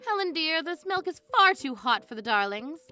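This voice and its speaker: A woman voicing a blunt, sharp-tongued mother-in-law in her fifties. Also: high-pitched, big pitch swings, moderate pace, soft background music, pitched above the performer's own voice, heavily acted. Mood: scolding. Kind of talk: scripted story narration.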